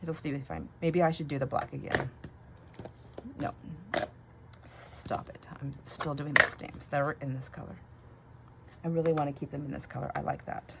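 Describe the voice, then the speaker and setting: A middle-aged woman with a low-pitched voice and vocal fry makes labels at home, rambling casually at a moderate pace with long pauses. She laughs often and muses aloud in this crafting vlog, recorded with steady background noise.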